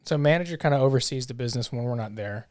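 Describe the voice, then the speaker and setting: A man's voice: mid-range voice, racing, a little mellow, dry recording, clean studio sound. Matter-of-fact male café owner. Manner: plain, matter-of-fact explaining. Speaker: guest, coffee shop owner. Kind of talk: casual interview answers.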